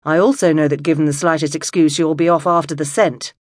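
A woman voicing a calm, ironic man, the heroine's partner, in an audiobook. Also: sits low, fairly quick, no echo, clean studio sound. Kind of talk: audiobook dialogue.

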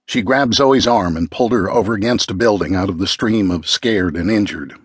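A man narrating an audiobook with a measured, grave delivery. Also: lowish voice, slightly rough, no echo, studio quality. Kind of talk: scripted narration.

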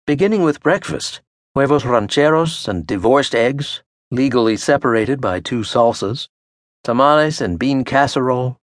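A man narrating an audiobook in the first person with a wry, measured storytelling manner. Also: mid-range voice, lively intonation, no room sound. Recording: dry studio audio.

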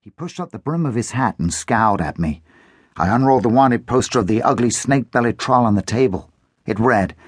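A man narrating a children's adventure audiobook in the first person, expressive and animated. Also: fairly low pitch, brisk, husky, dry recording, studio quality.

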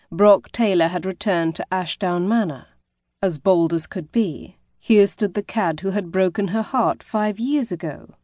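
A woman reading a romance novel aloud as an audiobook narrator, in a measured, expressive way. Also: lowish voice, no room sound, studio quality. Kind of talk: scripted narration.

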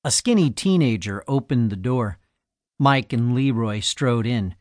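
A man's voice: mid-range voice, expressive, a little slow, no echo. Man narrating an audiobook, dry close sound. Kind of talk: scripted narration.

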